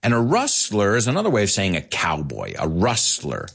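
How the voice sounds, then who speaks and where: A man in his forties, a podcast host teaching English, talking in an animated way and acting out quotes. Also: moderate pace, creaky, slightly rough. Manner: animated, acts out quotes with big pitch jumps. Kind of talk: bilingual English lesson.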